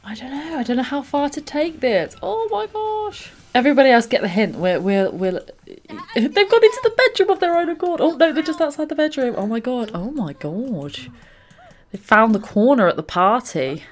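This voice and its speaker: A young woman, a let's play host, giving gushing, excitable gameplay commentary full of exclamations. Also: fairly high pitch, brisk.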